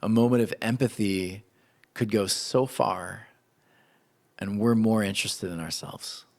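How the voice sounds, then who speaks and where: A man preaching a sermon in an animated, conversational way. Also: lowish voice, a little slow, creaky. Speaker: pastor.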